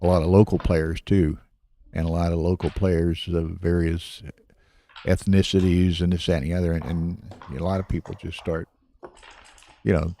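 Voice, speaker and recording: Deep gravelly man commentating. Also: normal speed, slight background noise. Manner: relaxed, rambling, many fillers. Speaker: backgammon commentator. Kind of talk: live play-by-play commentary.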